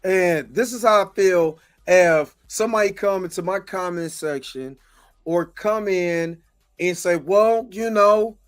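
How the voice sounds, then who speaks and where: With soft background music playing, an American livestream host speaks at a measured pace in a high-pitched voice. His commentary is impassioned and frustrated, full of repetition and thanks to viewers by name.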